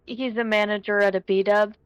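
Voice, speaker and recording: A woman's voice: medium pitch, level tone, moderate pace, clean tone, dull audio. A young woman chatting candidly with fellow tabletop game players, mocking herself. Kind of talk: casual chat between players.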